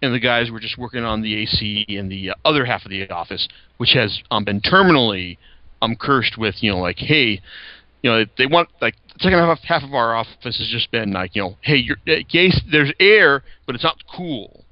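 A young man hosts a podcast and chats casually about comics, rambling with plenty of fillers and restarts. His voice sits on the low side and moves a little fast, and the audio is dull with no room sound.

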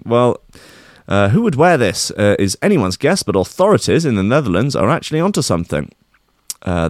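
A man's voice: medium pitch, dry recording, clean studio sound. A man reads a news article aloud and picks it apart with sarcastic, mock-outraged asides. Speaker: comedic news commentator.

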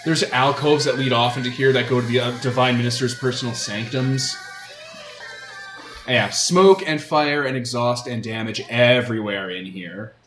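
A man with a medium-pitched, fairly bright voice game-masters a tabletop role-playing session, narrating scenes descriptively at a moderate pace and using lots of fillers. The room sounds spacious, with faint music behind him.

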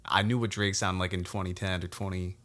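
A man's voice: deep voice, little pitch movement, brisk, a bit bright. A man co-hosting a podcast, laid-back, talking things through with rhetorical questions. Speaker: podcast co-host. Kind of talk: casual chat.

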